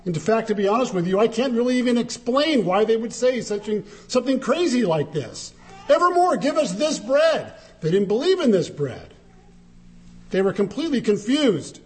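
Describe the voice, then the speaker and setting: A man delivers a sermon in an emphatic, dramatic way. His voice sits high for a man and swings widely in pitch, rising sharply whenever he quotes. It moves between soaring lines and low, quieter phrases. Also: normal speed. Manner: animated, emphatic, dramatic shifts in pitch when quoting. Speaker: preacher.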